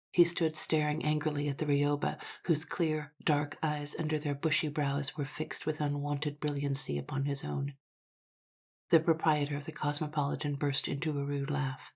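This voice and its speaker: A woman narrating a classic story in a measured voice that sometimes drops to a hush. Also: low-pitched, level tone, vocal fry, breathy edge.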